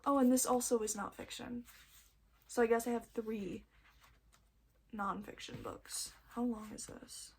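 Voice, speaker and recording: A young woman with a slightly raised pitch talks through her book haul in a loose, rambling way. She sounds a little nervous and often trails off or loses her thought before she picks it back up. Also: fairly even intonation, unhurried, creaky, pauses often, darkish tone, slight background noise. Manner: rambling, chatty, self-interrupting; nervous first-time vlogger. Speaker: book vlogger. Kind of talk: casual book haul chat.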